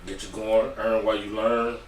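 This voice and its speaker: A man who is a guest on a casual podcast, talking in a relaxed, street-slangy way. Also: lowish voice, moderate pace, recorded from a distance, slight background noise. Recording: echoey, away from the mic.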